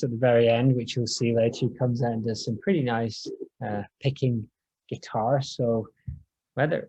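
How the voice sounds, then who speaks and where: A man chats casually as a podcast co-host, his voice husky and mellow. He reads scene descriptions in a dry, deadpan way. The recording is dull and dry. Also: mid-range voice.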